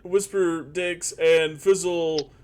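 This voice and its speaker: A man's voice: on the high side, fairly even intonation, slow pace, noisy background. A man voicing a casual young male guard in a tabletop role-play, loose and mumbling.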